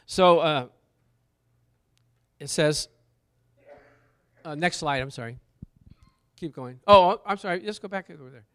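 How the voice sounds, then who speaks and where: A middle-aged man preaching a sermon, animated and jokey, asking the congregation questions and bursting into loud praise. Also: a little high, a little slow, long pauses, smooth. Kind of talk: sermon teaching with slides.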